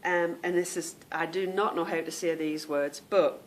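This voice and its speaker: A woman's voice: fairly low pitch, fairly even intonation, normal speed, slight background noise. A woman hosting a knitting podcast, chatting casually to viewers, rambling off on tangents and stumbling over unfamiliar names.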